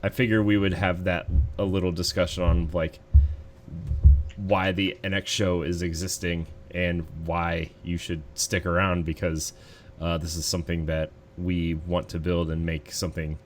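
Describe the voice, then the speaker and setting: A man's voice: low voice, normal speed, soft background music. A man hosting a casual gaming podcast, rambling easily with plenty of fillers. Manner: relaxed, rambling, lots of fillers. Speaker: podcast host.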